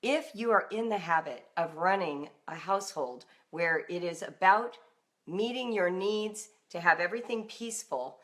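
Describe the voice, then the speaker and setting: Animated woman host talking to viewers. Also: fairly low pitch, normal speed. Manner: animated, acts out emotional outbursts in a raised voice. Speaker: homeschooling author and host. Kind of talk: live-streamed talk to viewers.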